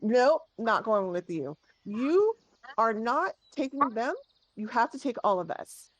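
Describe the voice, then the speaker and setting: A woman voicing a defiant young noble girl who shouts indignant protests in a high, strained voice. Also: big pitch swings, takes it slowly, no room sound, muffled recording, heavily acted. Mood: stubborn.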